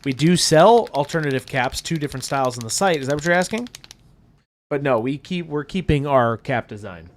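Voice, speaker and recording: Man, chatty stream co-host, swinging lively pitch, laughs a lot. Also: brisk, a little hiss or hum. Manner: chatty, laughs often, reads out viewer comments. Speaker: livestream co-host. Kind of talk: casual livestream chat while painting miniatures.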